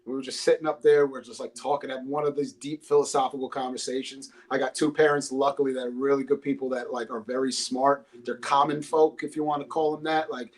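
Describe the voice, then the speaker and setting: A man's voice: mid-range voice, flat delivery, fast, few pauses. A man chatting loosely as a podcast guest, telling stories with lots of swearing, talking into a phone. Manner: loose, profane storytelling. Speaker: podcast guest, rapper and English teacher. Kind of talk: casual podcast chat.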